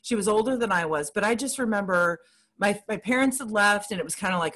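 A woman's voice: medium pitch, expressive, fast talker, fairly bright tone. A woman chatting casually, candid and dramatic as she tells a personal story. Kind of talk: casual chat about surgery recovery.

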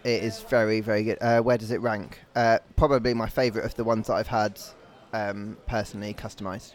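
A man's voice: lowish voice, level tone, fairly quick. A man co-hosting a podcast from a bar, easygoing and good-natured in casual banter. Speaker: podcast co-host.

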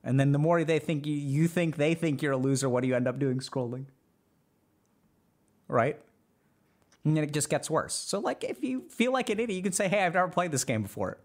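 A man's voice: fairly high pitch, lively intonation, normal speed, long pauses, darkish tone. A man hosting a podcast, giving casual advice to a live chat, acting out imagined inner voices and often asking "right?". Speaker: podcast host, psychiatrist.

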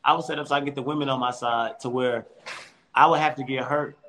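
A man, a comedian, telling stories in a casual interview from home over a call, animated and laughing often, with quick restarts. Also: medium pitch. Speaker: comedian guest.

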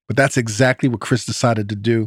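A man's voice: medium pitch, steady tone, fairly quick, husky, no room sound, studio quality. A man with a New York accent, hosting a podcast with laid-back, slangy scripted narration. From Brooklyn, New York. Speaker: podcast host.

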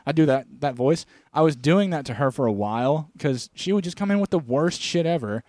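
A man's voice: on the high side, lively intonation, a little fast, darkish tone, no room sound. A man co-hosting a casual podcast, rambling through stories with lots of swearing, close on a podcast mic. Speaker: podcast co-host. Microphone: studio podcast mic.

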